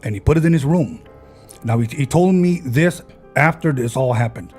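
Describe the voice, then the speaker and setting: A man's voice: mid-range voice, expressive, moderate pace, darkish tone, faint music behind. A man on a podcast, casually retelling a friend's ghost story and acting out the people in it.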